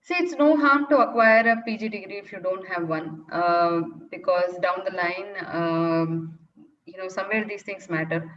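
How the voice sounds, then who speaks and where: A woman's voice: on the low side, normal speed. A woman speaking in an online Q&A session, answering thoughtfully with many fillers and restarts. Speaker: data science speaker answering questions. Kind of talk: online Q&A talk. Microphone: video call. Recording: distant, dull lo-fi call audio.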